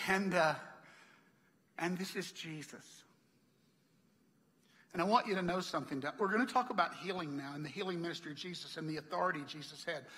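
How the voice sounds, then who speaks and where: Bright-voiced pastor telling stories. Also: male voice, a little high, moderate pace, long pauses, big-room sound. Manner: chatty storyteller, laughs often, acts out quoted lines. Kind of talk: sermon with personal stories. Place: church hall.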